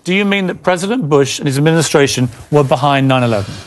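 A male interviewer in an archival clip who keeps pressing the same question. He talks quickly, in a slightly raised voice. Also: on the high side, animated. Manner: persistent, repeating the question.

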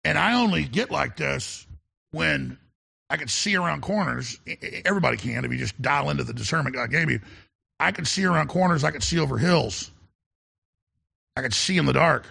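A middle-aged male talk radio host in an impassioned monologue, with a gravelly, husky voice that still sounds bright and forceful. He speaks with urgency, repeats words and stammers through restarts. His voice sits a little high for a man. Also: brisk.

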